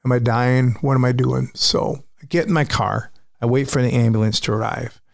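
A man with a gravelly, fry-edged voice recounts a personal story with blunt candor, swearing freely as he goes. His recording is dry and close, with no room around it. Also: medium pitch, fairly even intonation, normal speed, no room sound. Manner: frank and profane, vivid retelling.

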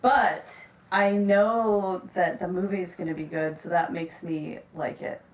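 A woman guesting on a podcast, answering in a slow, understated way. She sits a little back from the mic. The room adds a roomy echo to her voice. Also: on the low side, steady tone, far from the mic. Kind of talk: casual chat.

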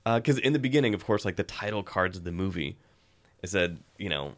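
A man's voice: low voice, lively intonation, brisk. A man co-hosting a film review podcast in casual chat, sarcastic and laughing often.

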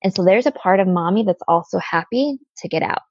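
A woman in her thirties, the guest, earnestly telling an emotional personal story with halting restarts. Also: mid-range voice, expressive, a little mellow, husky, dry recording. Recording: slightly dull lo-fi sound.

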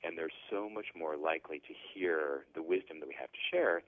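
A middle-aged man speaks in a low, deep register as a guest author. His voice comes through a narrow, phone-like line that sounds dry and close. He explains things earnestly and keeps restarting his sentences. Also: fairly quick, dry recording. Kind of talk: casual interview on a phone line.

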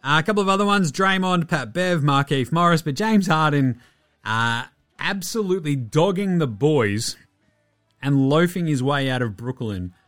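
An Australian man hosting a sports podcast, ranting in a profane, animated, mocking way. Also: a little high, normal speed, faint music behind. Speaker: podcast host. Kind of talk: opinionated sports podcast rant.

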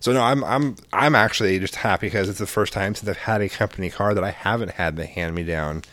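Low-voiced man chatting casually. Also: brisk, fairly bright tone, no room sound. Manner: rambling, filler-heavy, casually profane. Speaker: podcast co-host. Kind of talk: casual chat.

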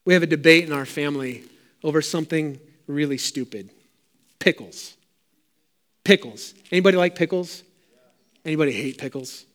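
A man's voice: a little high, quick pace, a bit bright. A middle-aged man preaching a sermon as pastor, fervent and emphatic with repeated phrases.

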